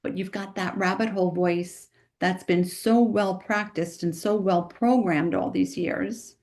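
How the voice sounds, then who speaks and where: An emphatic woman nutritionist talking in a podcast interview. She speaks quickly and with conviction, and she punctuates her points with "right?" as she goes. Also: mid-range voice, steady tone, a little mellow. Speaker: nutritionist guest.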